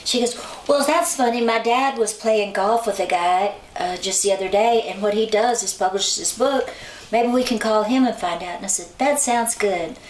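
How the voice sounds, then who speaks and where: A woman's voice: medium pitch, normal speed. A woman, a songwriter and author, casually telling stories and acting out the people she quotes. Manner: chatty, acts out quoted people with lively shifts in voice. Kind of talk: casual storytelling in an interview. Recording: roomy sound from a distant mic, faint noise.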